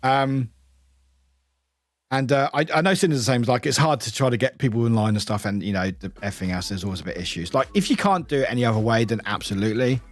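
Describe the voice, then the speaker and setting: A man's voice: medium pitch, fast, dry recording. A young British man casually chatting on his live stream, swearing freely, laughing often and calling out viewers by name. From United Kingdom.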